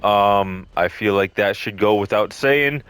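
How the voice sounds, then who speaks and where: A man's voice: fairly low pitch, measured pace, a bit bright, clear, resonant tone, no echo. Casual swearing young man telling a story. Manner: swearing, rambling, lots of ums, acts out quotes. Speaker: storytelling vlogger. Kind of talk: casual storytime over gameplay.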